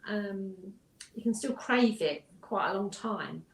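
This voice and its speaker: A woman's voice: medium pitch, slow, vocal fry. A woman, a hypnotherapist, chatting casually in an interview and telling client stories with frequent ums and restarts. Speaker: hypnotherapist guest. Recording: roomy echo.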